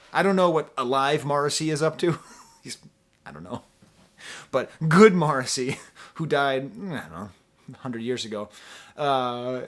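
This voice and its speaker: A middle-aged man talks through a record review on his own channel. His voice sits at a middle pitch and swings from jokey outbursts to low asides. His talk is casual and full of quick opinions. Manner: animated, jokey, swings between loud outbursts and mutters. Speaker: music reviewer. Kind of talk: solo album review vlog.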